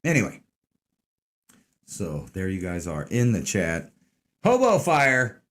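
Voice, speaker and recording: A man's voice: sits low, animated, measured pace. A man hosting an online news commentary stream, talking casually, sarcastic, rambling and full of swearing.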